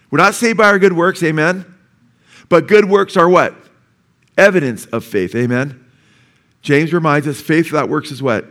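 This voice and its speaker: A man's voice: high voice, fairly bright tone. Man preaching, quizzing his congregation. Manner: asks the congregation call-and-response questions; teaches word by word, sounding out terms slowly. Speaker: pastor. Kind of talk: sermon. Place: church before a live congregation.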